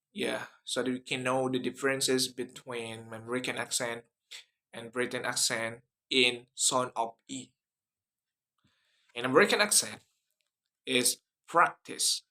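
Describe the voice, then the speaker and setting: A man's voice: mid-range voice, bright, forceful tone. A young man giving a class video presentation, hesitant, with many fillers and restarts. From Indonesia. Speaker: student presenter.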